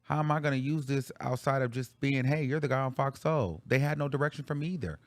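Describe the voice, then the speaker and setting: A man's voice: medium pitch, fast talker, no echo. Blunt, profane man hosting a livestream. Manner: blunt, profane, talks straight to viewers. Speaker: livestream show host. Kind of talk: casual livestream talk.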